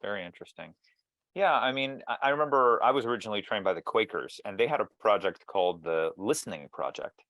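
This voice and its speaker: A man's voice: on the low side, lively intonation, fast talker, fairly bright tone, dry recording. A man interviewing guests over a video call, thoughtful and musing, with frequent restarts. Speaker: interviewer and mediator.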